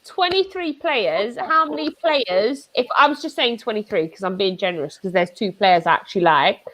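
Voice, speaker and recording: A woman's voice: medium pitch, expressive, normal speed, a bit bright, no room sound, poor audio. A woman in casual chat on a video call, playful and teasing. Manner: playful, teasing, laughs a lot.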